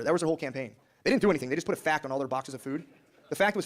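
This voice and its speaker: A man's voice: on the high side, animated, rapid-fire. A young man doing a casual, rambling stand-up comedy routine, riffing with lots of filler.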